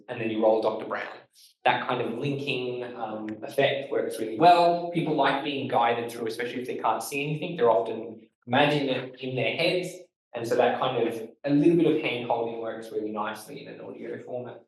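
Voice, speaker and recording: An Australian man gives a loose, quick instructional talk, leaning on key words and stumbling through fillers. He stands back from the mic, and the room rings with heavy echo. His pitch sits in an ordinary middle range. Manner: fast-talking, emphatic, loose with fillers. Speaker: podcast host giving a talk. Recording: echoey room, voice from far off.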